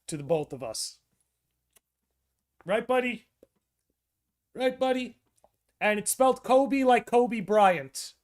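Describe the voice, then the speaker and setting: A young man hosting a livestream, chatting casually and excitably, thinking out loud with quick restarts. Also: fairly high pitch. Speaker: podcast and livestream host.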